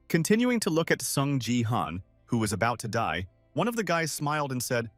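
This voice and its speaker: A male narrator telling a comic recap in a storytelling manner, his pitch moving up and down freely. The sound is dry and close, with faint music behind it. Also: sing-song, moderate pace, no room sound. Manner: storytelling, reading quotes in-line.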